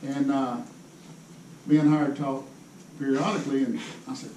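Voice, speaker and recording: A man's voice: medium pitch, little pitch movement, moderate pace, pauses often, mellow. A man telling rambling, laughing stories to a crowd at a tackle show seminar. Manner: folksy, rambling, laughs often. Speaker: fishing pro giving a seminar. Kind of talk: casual storytelling to a crowd. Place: indoor tackle show hall. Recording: echoey hall, distant mic, crowd noise.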